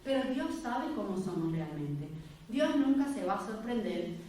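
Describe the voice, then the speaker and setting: A woman's voice: medium pitch, lively intonation, moderate pace, mellow. Woman preaching in an echoey church. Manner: storytelling, acting out quoted voices, candid. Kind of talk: personal testimony sermon. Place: church hall. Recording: echoey church hall, mic at a distance.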